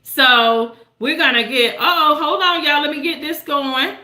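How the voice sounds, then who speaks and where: At a measured pace, an older woman livestreams storytime, encouraging viewers warmly in a preacher's cadence with wide pitch changes and frequent "right?" checks. The sound carries a roomy echo.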